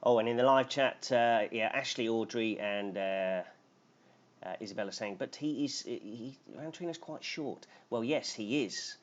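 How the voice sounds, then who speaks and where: A man's voice: medium pitch, moderate pace. A man teaching English grammar on a live stream, explaining patiently and reading out names from the chat. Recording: dull lo-fi stream audio with faint noise.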